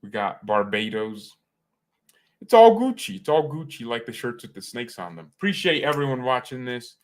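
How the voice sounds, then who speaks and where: Excitable rambling man on a stream. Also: mid-range voice, a little fast. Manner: excitable, joking, jumps between calm and loud outbursts. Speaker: fan channel host reading chat on a live stream. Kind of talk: rambling live-stream chat.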